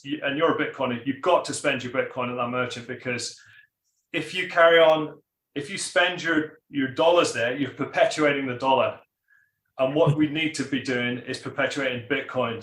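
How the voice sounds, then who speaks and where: A man's voice: mid-range voice, a bit bright, echoey room, low-quality recording. A man in a casual group chat, talking enthusiastically in a rambling way, with many restarts and fillers.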